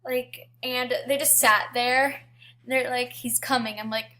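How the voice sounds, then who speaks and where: Chatty teen girl, high voice. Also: fairly even intonation, a little slow, bright, forceful tone. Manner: chatty, lots of "like" and restarts. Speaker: gaming storyteller. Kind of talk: casual storytelling.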